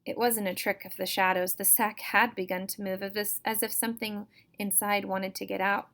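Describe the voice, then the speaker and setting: Reading aloud to her students at normal speed, a woman voices a chapter book told in the first person. She stays steady and even, with a notably flat, narrow pitch, captured in a plain home recording.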